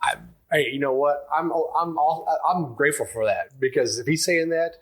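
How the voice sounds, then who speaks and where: A man's voice: fairly high pitch, moderate pace, a bit bright. A man hosting a wine podcast, chatting casually and rambling through anecdotes with lots of fillers. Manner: rambling storyteller with many fillers. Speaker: podcast host. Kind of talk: casual chat, telling anecdotes.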